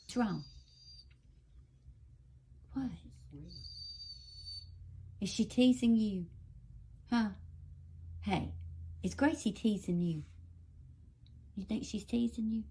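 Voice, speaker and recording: A woman's voice: medium pitch, slow, pauses often, warm tone, slightly rough. A woman filming at home with a phone camera, coaxing and scolding her dogs in pet-talk. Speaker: dog owner filming her pets. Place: home indoors.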